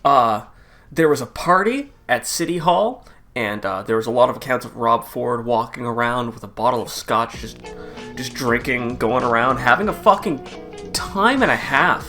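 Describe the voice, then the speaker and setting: A man riffing in a crude, casual comedic rant, laughing often and jumping into loud mocking impressions. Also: medium pitch, lively intonation, normal speed, soft background music. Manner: profane, laughing, swings into loud mock quotes. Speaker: comedy commentary host.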